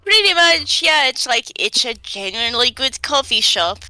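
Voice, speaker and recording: A woman's voice: high-pitched, lively intonation, normal speed, pushed and bright, no room sound. A woman chatting casually as a player in a tabletop game, easygoing and rambling. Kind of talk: casual chat between players.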